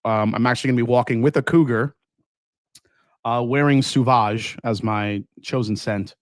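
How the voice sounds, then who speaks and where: A relaxed, enthusiastic man chats on a whiskey livestream, reading viewer comments as they come in. His voice sits at an ordinary male pitch and is heard close and dry, with no room sound around it. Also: moderate pace, no room sound. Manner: relaxed, enthusiastic, laughs often. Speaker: whiskey channel host. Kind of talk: casual livestream chat, reading super chats.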